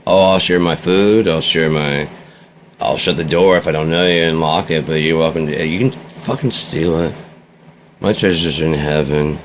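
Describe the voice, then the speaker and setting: A man's voice: extremely low pitch, normal speed, a little hiss or hum. A man vlogging in a rambling, offhand monologue, swearing casually.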